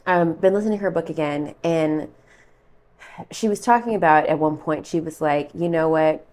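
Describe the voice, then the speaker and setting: A woman with a notably low voice hosts a casual tarot reading vlog. She talks in a loose, rambling way, with plenty of fillers and chatty asides. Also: normal speed, darkish tone. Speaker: tarot reader.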